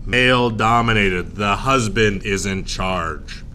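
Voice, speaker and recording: A man teaching a history class, lively and jokey, acting out little scenes and voices for students. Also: on the low side, slow, a little hiss or hum.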